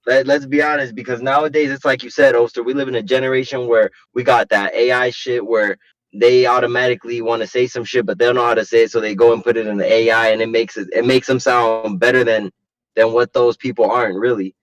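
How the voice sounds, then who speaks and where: A man's voice: mid-range voice, steady tone, fast talker, highs cut off. A man co-hosting a podcast, speaking bluntly in casual slang. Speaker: podcast co-host.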